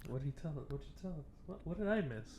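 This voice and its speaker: A man's voice: on the high side, lively intonation, very fast, a little mellow. A man co-hosting a casual podcast chat, blunt and teasing, swearing casually. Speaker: podcast co-host.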